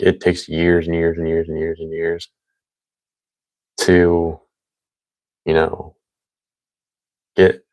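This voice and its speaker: Young guy rambling casually, super deep voice, dry close sound. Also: no room sound. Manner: rambling, many fillers. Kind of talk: casual chat.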